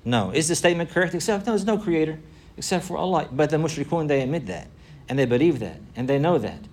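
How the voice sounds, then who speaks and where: Male religious teacher, rapid delivery, repeats phrases for emphasis, quick Arabic recitation. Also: fairly high pitch, lively intonation, a little mellow, slight background noise. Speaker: Islamic teacher. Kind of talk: religious lesson.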